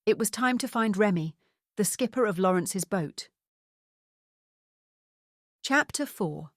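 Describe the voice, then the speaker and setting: A woman narrating an audiobook novel in an even, measured reading. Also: medium pitch, dry recording, studio quality. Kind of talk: scripted narration.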